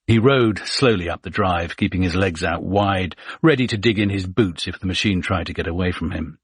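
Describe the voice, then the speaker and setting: A man narrating a thriller audiobook in a measured, even storytelling manner. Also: low-pitched, slightly rough, no room sound.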